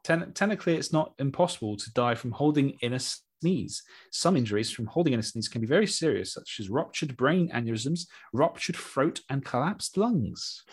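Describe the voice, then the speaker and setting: Guy on a zoom podcast reading weird facts, deadpan one-liners after each. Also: mid-range voice, normal speed, hardly any pauses, slightly rough. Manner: wry, deadpan asides after each fact. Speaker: podcast co-host. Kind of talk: casual chat reading out facts. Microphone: video call.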